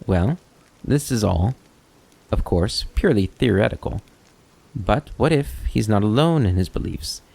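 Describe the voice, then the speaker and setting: A man's voice: on the low side, expressive, unhurried, gravelly, a little mellow, heavily acted. A man voicing a sly, talkative male kobold schemer with a wry, rambling, mock-innocent manner.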